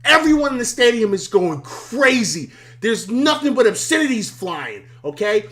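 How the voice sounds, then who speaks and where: This man's voice sits at an extremely high pitch and moves at a normal speed as he hosts a live sports talk stream, excitable, foul-mouthed, quick to laugh, and repetitive, his voice ragged from yelling.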